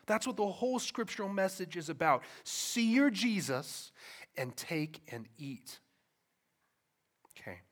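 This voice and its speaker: A man preaching a sermon in church, swinging from soft, quiet lines to loud, emphatic ones, with conversational asides and questions to the congregation. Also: fairly high pitch, very animated, normal speed. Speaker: pastor.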